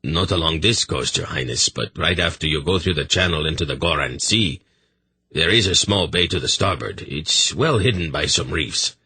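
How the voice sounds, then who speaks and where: A man voicing a wary, deferential male sea captain in a low gruff voice in an audiobook. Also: animated, moderate pace, bright, forceful tone, no room sound, heavily acted.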